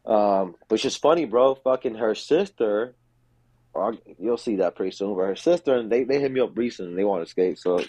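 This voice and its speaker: A man's voice: lowish voice, normal speed, a little mellow, no echo. A man on a podcast telling stories in a casual, profane, slangy way and acting out what people said. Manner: profane, slangy, acts out quotes. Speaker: podcast guest, skater. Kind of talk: casual storytelling.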